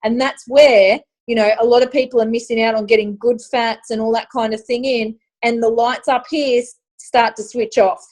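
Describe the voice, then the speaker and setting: A woman's voice: fairly high pitch, fairly even intonation, normal speed, few pauses, darkish tone. A woman hosting an online event, talking chattily to her audience and tagging her points with "okay?" and endearments like "honey". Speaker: host of an online launch event. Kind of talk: casual presentation to an online group.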